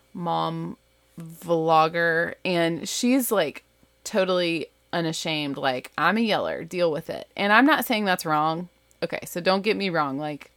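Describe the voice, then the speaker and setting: A woman in her thirties talks from her bedroom at home. Her voice sits low, and she rambles casually with asides and fillers. The recording is dry and close, with little room sound. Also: creaky, fairly bright tone, dry recording. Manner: chatty, rambling, full of asides and "like". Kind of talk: casual storytelling.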